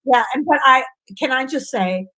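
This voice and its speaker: A woman with a high, lively voice, chatting as a comedian guest. She tells her stories with animation and slips into other people's voices as she goes. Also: moderate pace, poor audio. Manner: animated storyteller who acts out voices. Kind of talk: casual interview chat.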